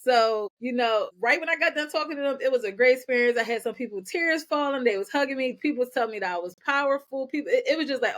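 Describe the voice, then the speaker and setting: A woman guest on a podcast, telling her own story in energetic bursts and often repeating words as she goes. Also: sits high, quick pace, hardly any pauses. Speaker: podcast guest, nonprofit founder. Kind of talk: candid personal storytelling.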